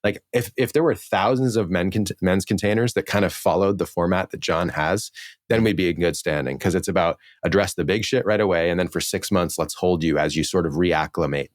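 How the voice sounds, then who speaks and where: A man's voice: deep voice, fairly quick, dry recording, clean studio sound. A man from New Orleans, a relationship coach, talking earnestly and emphatically as a podcast guest, swearing freely. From New Orleans, Louisiana. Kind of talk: podcast interview.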